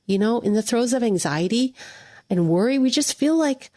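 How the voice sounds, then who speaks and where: A woman's voice: on the high side, animated, normal speed, mellow, dry recording, clean studio sound. A woman hosting a devotional podcast, speaking earnestly and encouragingly straight to the listener. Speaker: podcast host.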